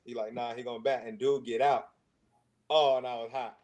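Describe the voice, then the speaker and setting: A man's voice: mid-range voice, brisk. A man, a podcast guest, telling casual childhood stories and acting out the voices of the people in them. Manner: lively anecdotes, acting out quoted voices. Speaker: guest, former football player and coach. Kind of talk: casual storytelling.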